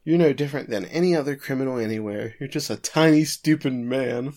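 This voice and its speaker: A man's voice: mid-range voice, fairly quick, a little mellow, close to an everyday voice. Man doing a scornful woman lawyer.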